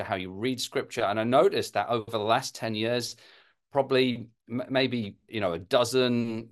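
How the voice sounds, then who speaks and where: A British man, an author and guest, explaining in a measured way with some fillers. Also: lowish voice. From United Kingdom. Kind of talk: interview answers.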